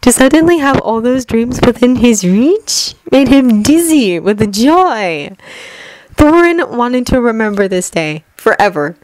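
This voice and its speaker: A woman reading a fanfiction story aloud at a gentle, even pace, lightly acting out the dialogue. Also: on the high side, measured pace, low-quality recording. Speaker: fanfiction reader.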